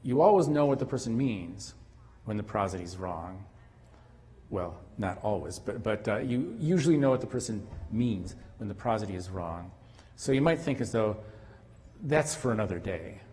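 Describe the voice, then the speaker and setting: A man giving an academic conference lecture, halting at times with restarts and fillers. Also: fairly low pitch, animated, mellow. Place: conference hall. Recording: long hall reverb.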